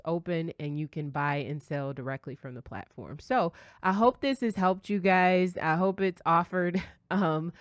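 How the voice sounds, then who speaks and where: Low-voiced woman giving a chatty tutorial. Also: smooth, no room sound, studio quality. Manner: chatty, relaxed, with fillers and light laughs. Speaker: forex trading educator. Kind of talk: casual screen-share tutorial.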